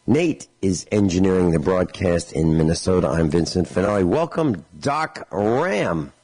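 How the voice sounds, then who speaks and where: A man's voice: sits low, animated, measured pace, a little mellow, low-quality recording. A man hosting a radio talk show in a chatty, rambling way, piling up lists of words and acting out the people in his stories. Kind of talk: casual radio monologue.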